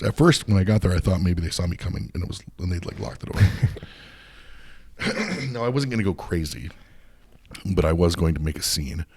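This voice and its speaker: Low husky man ranting profanely. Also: darkish tone. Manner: profane, heated, swears constantly; rambling with frequent restarts. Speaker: podcast host. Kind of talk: casual storytelling rant.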